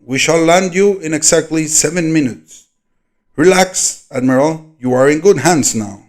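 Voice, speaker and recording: A man voicing a calm, formal male voice from an unknown domain, with a slight Nordic or Germanic accent, speaking soothingly. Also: a little high, a little slow, lightly acted. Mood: reassuring.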